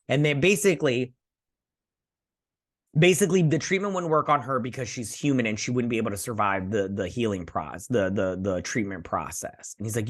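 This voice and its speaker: A man's voice: on the low side, a little fast. A man hosting a casual recap and review of a TV episode, rambling with lots of fillers and acting out the characters' lines.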